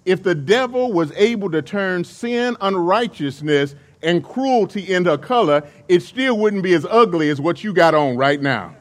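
A man voicing Martha, a blunt, sharp-tongued grieving woman, in a sermon story. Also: sits high, lively intonation, normal speed, hardly any pauses, pitched above the performer's own voice. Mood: scornful.

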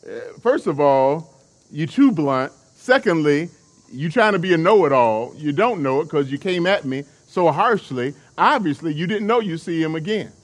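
Emphatic preacher with a high-ish voice. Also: male voice, lively intonation, moderate pace. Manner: emphatic, with call-and-response to the congregation. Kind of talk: sermon.

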